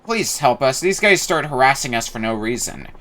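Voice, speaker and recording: A man's voice: medium pitch, expressive, moderate pace, pushed and bright. Casting: a man playing a frightened, pleading teenage schoolboy. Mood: scared. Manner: pleading, nervous. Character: frightened male high school student.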